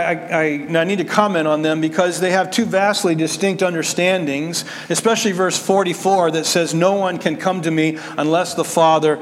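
Animated preacher in a reverberant hall. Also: male voice, sits high. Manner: animated, acts out quoted voices, repeats words when restarting. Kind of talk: expository sermon.

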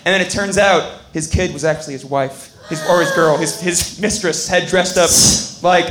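High-voiced man pitching comedy live. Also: fairly even intonation, normal speed, noisy background. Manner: rambling, laughing, acts out voices. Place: comedy bar stage with audience.

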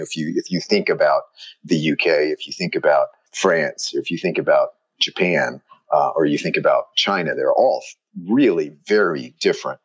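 A man's voice: a bass voice, low-quality recording. A man talking as an interview guest in a rambling, reflective way, full of fillers and restarts. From United States. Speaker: guest, watch industry professional. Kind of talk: conversational interview.

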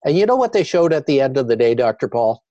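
An older man, a guest on an interview show, telling his story with animated repetition. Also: mid-range voice, fast talker, no echo, muffled recording.

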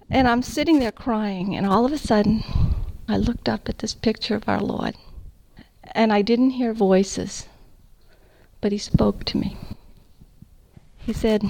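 A middle-aged woman telling her testimony to an audience, an animated storyteller with self-deprecating humor. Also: mid-range voice, slow pace, pauses often, no room sound. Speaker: founder of a Catholic radio ministry, giving testimony. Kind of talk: personal testimony talk to an audience.

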